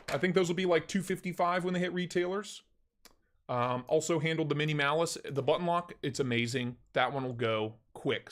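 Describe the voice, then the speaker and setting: Young man, live-stream host, casual chat, excitable, slangy, fairly high voice. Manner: excitable, slangy, loud bursts when retelling. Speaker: knife channel host.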